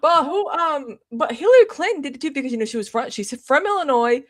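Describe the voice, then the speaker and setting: A woman's voice: sits high, fast talker, no echo, clean studio sound. A woman co-hosting a podcast who grew up in the South, talking casually and expressively. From American South. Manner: expressive, animated storytelling. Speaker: podcast co-host. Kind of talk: casual political chat.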